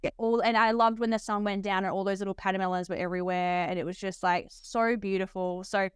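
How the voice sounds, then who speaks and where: A young Australian woman hosting a podcast interview, chatty and enthusiastic, talking fast with lots of laughs in her voice. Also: mid-range voice, fairly even intonation, clear, resonant tone, no room sound, clean studio sound. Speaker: podcast host, nurse. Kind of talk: casual interview chat.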